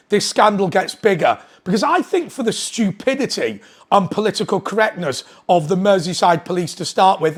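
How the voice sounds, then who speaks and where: A man with a notably high-pitched voice delivers a political commentary straight to camera. He is indignant and keeps hammering his points with pointed rhetorical questions. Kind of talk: opinionated monologue to camera.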